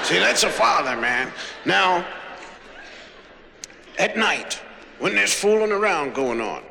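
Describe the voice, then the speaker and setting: A man's voice: sits high, big pitch swings, slow pace, vocal fry, long pauses, heavy background noise. A man telling a rambling comic monologue full of hip slang. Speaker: comedian.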